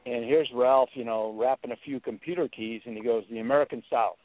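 A man telling lively anecdotes as a guest on a talk show, acting out quoted people in a raised voice. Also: fairly quick, a little hiss or hum. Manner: animated, acts out quotes in a high voice. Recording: tinny phone-line sound.

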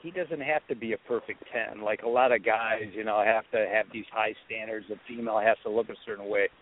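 A man telling lively anecdotes as a guest on a talk show, acting out quoted people in a raised voice. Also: brisk, a little hiss or hum. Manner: animated, acts out quotes in a high voice. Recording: tinny phone-line sound.

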